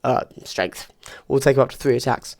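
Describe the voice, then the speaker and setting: A man casually reviewing tabletop wargame rules, thinking out loud and weighing options with quick asides. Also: medium pitch, steady tone, gravelly, no room sound.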